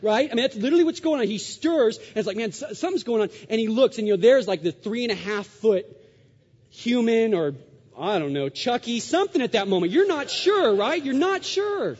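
A man preaching a sermon as pastor, animated, acting out quoted voices with big swings in loudness. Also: very high voice, a little fast, breathy edge. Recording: dull sound, long hall reverb.

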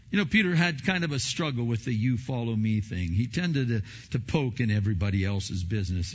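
A man preaching a sermon as pastor, emphatic, often repeating words and swinging between loud and soft. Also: mid-range voice, expressive, moderate pace. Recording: long hall reverb, dull lo-fi sound.

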